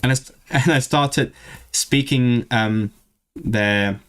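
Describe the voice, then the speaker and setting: A man's voice: mid-range voice, slow, fairly bright tone, clear, resonant tone. Chatty young man streaming his studies. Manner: chatty, restarts words often, reads course text aloud. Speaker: streamer studying a language. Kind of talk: casual livestream chat.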